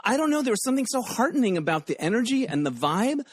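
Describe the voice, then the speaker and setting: A man's voice: very high-pitched, very animated, fast talker, no room sound, studio quality. A man hosting a podcast in a casual, rambling chat, often laughing as he talks. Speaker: podcast host.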